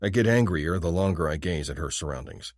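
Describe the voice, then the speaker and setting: A man reads a romance novel in the first person in a deep voice with lively, wide-ranging pitch. The reading is expressive and intimate, and the mic is dry and close. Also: fairly quick, no room sound. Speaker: audiobook narrator.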